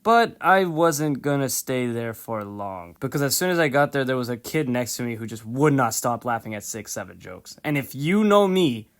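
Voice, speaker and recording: A man's voice: medium pitch, expressive, normal speed, hardly any pauses. Profane young man ranting through a story. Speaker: vlogger. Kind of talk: storytime vlog rant.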